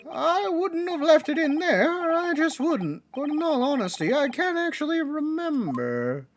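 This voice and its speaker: A man voicing a forgetful juror who talks slowly and hesitantly, unsure of himself. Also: very high-pitched, big pitch swings, voice pushed up, exaggerated voice. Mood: dithering.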